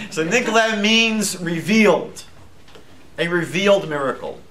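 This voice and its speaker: Lively bright-voiced man teaching a class. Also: high-pitched, slow. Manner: lively, asks the class questions, jokes lightly. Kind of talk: lecture to a live group.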